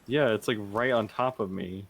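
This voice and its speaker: A man's voice: fairly low pitch, moderate pace, a bit bright, a little hiss or hum, low-quality recording. A man chatting casually during a party game, often puzzled and swearing freely. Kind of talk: casual gaming chat.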